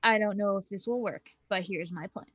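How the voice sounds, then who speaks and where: A woman's voice: medium pitch, fairly quick, dull audio. A woman playing a tabletop game, laying out her plan tentatively and thinking aloud. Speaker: player. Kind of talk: casual tabletop game talk.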